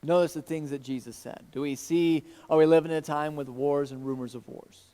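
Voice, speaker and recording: Higher-voiced preacher in a reverberant church. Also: male voice, steady tone, a little fast, warm tone. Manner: earnest preaching, teasing aside to a congregant. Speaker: pastor. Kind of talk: sermon. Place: church sanctuary.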